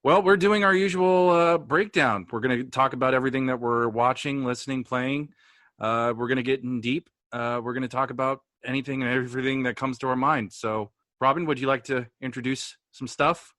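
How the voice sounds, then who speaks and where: A man's voice: mid-range voice, steady tone, brisk, fairly bright tone, no echo. A man co-hosting a podcast, talking in an easygoing, casual way with wry, dry humor. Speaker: podcast co-host.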